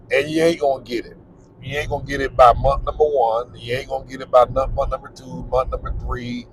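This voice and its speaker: A man's voice: mid-range voice, little pitch movement, moderate pace, slight background noise, rough recording. A middle-aged man gives candid, repetitive, plain-spoken advice about living abroad while he drives. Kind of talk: casual advice monologue while driving. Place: in a car.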